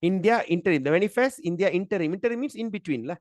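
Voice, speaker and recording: A man's voice: high voice, animated, very fast, no echo, clean studio sound. A middle-aged man, teaching a scripture class in a chatty, emphatic way. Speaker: Gita teacher.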